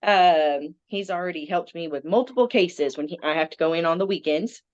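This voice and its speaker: Speaking briskly in a lowish register, this Southern American woman in her thirties appears as a veterinarian guest in a relaxed interview, full of ums. The audio has no echo but sounds muffled.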